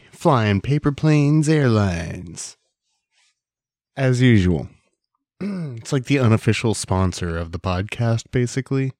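Male podcast host, laid-back joking ramble with casual swearing, slow delivery, occasional coughs. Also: medium pitch, dry recording, clean studio sound. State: hiccuping and coughing. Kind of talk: casual solo podcast chat.

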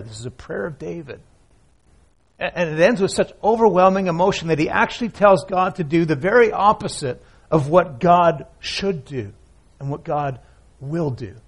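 A man preaching a sermon as pastor, reading scripture aloud and swinging from loud emphatic lines to hushed, near-whispered ones. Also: on the high side, husky. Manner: reads scripture aloud with feeling.

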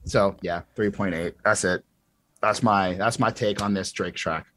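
A man's voice: lowish voice, steady tone, measured pace, a bit bright, slight background noise. A young man co-hosting a casual music review chat, blunt and emphatic, often restarting his sentences. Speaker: podcast co-host reviewing music.

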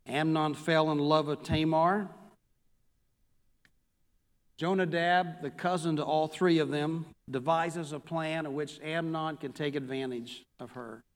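Pastor reading scripture in a reverberant hall. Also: male voice, on the high side, fairly even intonation. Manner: reads scripture aloud, then reviews it slowly.

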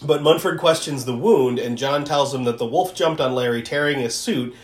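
A podcast co-host in a casual film recap chat, animated, laughing often and swearing while acting out quotes. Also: mid-range voice, normal speed. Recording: echoey room.

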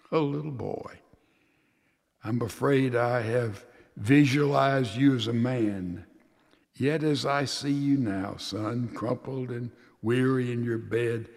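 Slow, tender male preacher in a reverberant hall. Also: medium pitch, vocal fry. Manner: slow, tender, emotional reading that sinks to hushed tones. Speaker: pastor. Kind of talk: sermon, reading a letter aloud. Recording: long reverb of a large hall.

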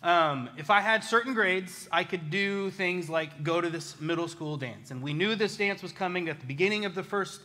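Chatty and self-deprecating, a man recounts a personal story with lots of animation. His voice is slightly high for a man, bright and forceful, moving at a normal speed with few pauses.

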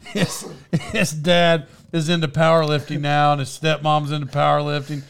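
A man's voice: on the high side, flat delivery, normal speed, creaky, fairly bright tone, clear, resonant tone. A man telling stories in casual chat, laughing often.

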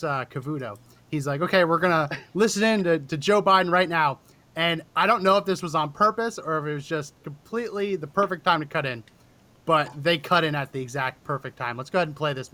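Bright-voiced man hosting a chatty show. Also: fairly high pitch. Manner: animated, joking, mimics clips he plays. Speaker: podcast host. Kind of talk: casual chat.

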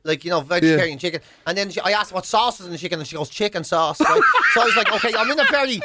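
A man's voice: high voice, expressive, rapid-fire, very noisy. An Irish man, a comedian co-host, rambling through a story in casual chat, swearing and acting out the other voices.

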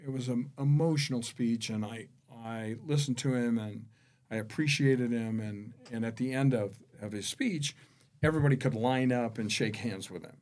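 A man, a real estate executive, telling anecdotes as a podcast guest, shifting between hushed and emphatic delivery. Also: mid-range voice, moderate pace. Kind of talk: conversational storytelling.

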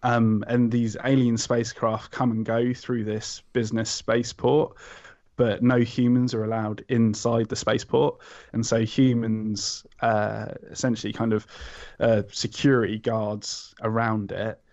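Gravelly podcast guest, halting delivery full of ums; dull lo-fi recording. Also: male voice, fairly low pitch, little pitch movement, a little mellow. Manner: hesitant, many ums and restarts. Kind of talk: casual chat recommending a comic. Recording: slightly dull lo-fi sound.

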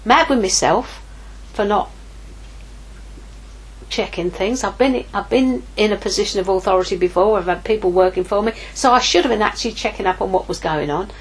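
A woman's voice: mid-range voice, moderate pace, slightly rough, poor audio. A middle-aged woman giving an informal sermon, telling a personal story candidly and acting out her own inner dialogue. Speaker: ministry leader preaching.

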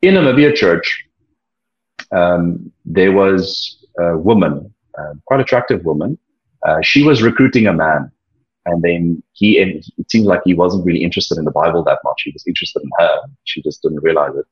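A man being interviewed, speaking reflectively in a halting way, often repeating words and pausing with ums. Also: low-pitched, animated, breathy edge. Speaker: interview guest, former church leader. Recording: dull lo-fi audio.

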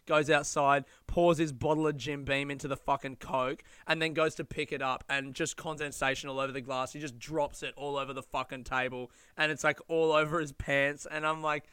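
A young Australian man telling stories in a casual monologue, animated, laughing and swearing as he goes. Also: on the high side, brisk, few pauses, clean tone, no echo, studio quality.

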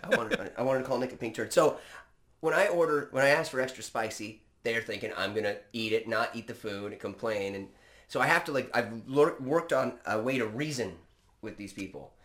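A man telling stories in a casual chat, animated and swearing freely. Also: mid-range voice, brisk.

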